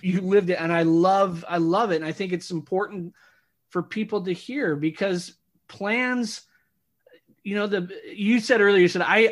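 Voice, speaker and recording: A man co-hosting a podcast who speaks in a reflective, halting way with frequent restarts while chatting with a guest. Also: sits high, fairly bright tone. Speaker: podcast co-host. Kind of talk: casual interview chat.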